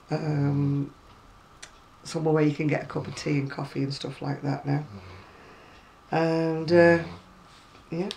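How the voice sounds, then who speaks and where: Chatty British woman with a creaky voice. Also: sits low, a little mellow, a little hiss or hum, low-quality recording. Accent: British English. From Britain. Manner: chatty, rambling, wry asides. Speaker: crochet vlogger. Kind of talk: casual chat showing magazines. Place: at home.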